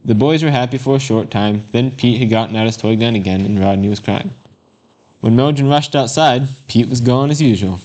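A man reading a children's devotional story and Bible verses aloud, in a plain, unhurried manner with occasional slips. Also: medium pitch, a little mellow. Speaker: Bible lesson reader.

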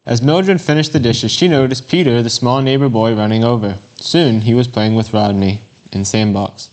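A man reads a short children's story aloud for a Bible lesson, unhurried and plain, now and then stumbling over a word. His voice sits at an ordinary middle pitch for a man. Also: darkish tone. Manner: plain, unhurried reading aloud with occasional slips and fillers. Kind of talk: reading a children's devotional story and scripture aloud.

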